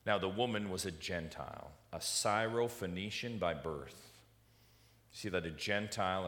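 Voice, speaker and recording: A man's voice: sits low, a bit bright. A man preaching an expository sermon, stressing points and putting rhetorical questions to his congregation. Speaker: pastor.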